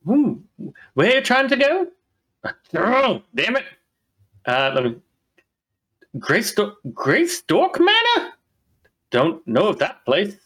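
A woman's voice: medium pitch, wildly swooping pitch, slow, pauses often, fairly bright tone, voice pushed up, full character voice. A man voicing a plump, friendly female dwarf tavern keeper who is chatty and jovial. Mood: puzzled.

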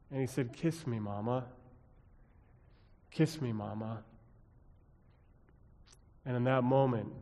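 A man preaching and praying as a pastor, telling a story dramatically, dropping quiet and then building emphasis. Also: mid-range voice. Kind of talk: sermon. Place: church sanctuary. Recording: long church reverb.

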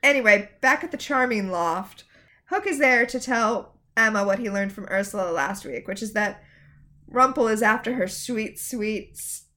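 A woman co-hosting a show recap in casual chat, with sarcastic, animated asides. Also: on the high side, normal speed. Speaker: podcast co-host.

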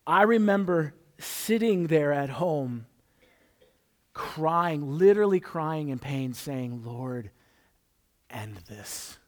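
A man's voice: fairly high pitch, expressive, takes it slowly. A man preaching a conversational sermon, telling a personal story and joking with the congregation. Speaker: pastor.

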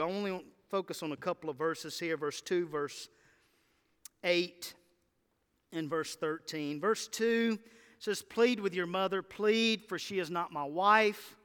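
A man preaching a sermon to his church, impassioned and building to loud emphatic lists. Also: sits high, a little slow, clean tone. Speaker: pastor. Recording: church hall reverb.

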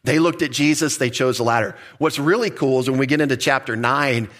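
A man's voice: medium pitch, brisk, a bit bright. A male pastor giving a sermon in a conversational, folksy way, with emphatic asides.

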